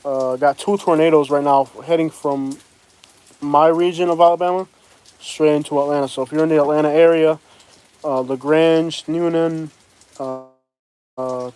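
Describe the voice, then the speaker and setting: Out in the rain, a livestream host rambles casually, talking straight to his chat viewers. His voice is a little high with a darkish, clean tone, and rainfall can be heard behind him.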